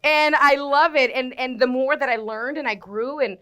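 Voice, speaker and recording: Her voice is high-pitched and her speed normal. She's a radio personality in her forties, chatting casually as an interview guest and animatedly acting out the quotes of people in her stories.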